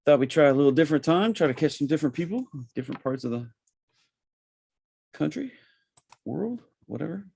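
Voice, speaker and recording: A man's voice: fairly high pitch, very fast, hardly any pauses, husky, dry recording. Chatty Southern man hosting a webinar. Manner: relaxed, chatty, with frequent fillers. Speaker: trading webinar host. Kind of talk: casual live webinar presentation.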